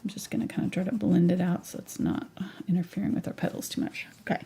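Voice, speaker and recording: A woman's voice: lowish voice, fairly even intonation, quick pace, creaky, dark tone, slight background noise. A woman teaching a live painting tutorial in a chatty way, thinking aloud and sometimes whispering to herself. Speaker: painting instructor.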